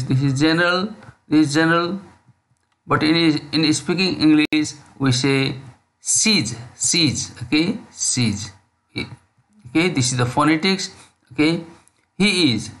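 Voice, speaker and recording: A man's voice: a little high, a bit bright. A man teaching an English lesson, drilling phrases over and over and checking in with "okay?" after nearly every line. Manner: repetitive, drills phrases slowly, frequent "okay?". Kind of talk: slow spoken English lesson.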